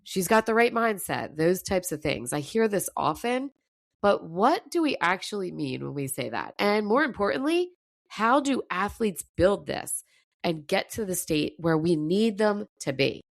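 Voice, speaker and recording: A woman's voice: lowish voice, big pitch swings, a little slow, vocal fry, no room sound, studio quality. A woman coach giving a fired-up motivational talk, her voice slightly scratchy. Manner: emphatic, fired up. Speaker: mental performance coach.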